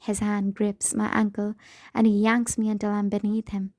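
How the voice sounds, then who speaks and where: Woman, audiobook narrator, first-person reading, dramatic, mellow, level intonation. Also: medium pitch, flat delivery, normal speed, dry recording.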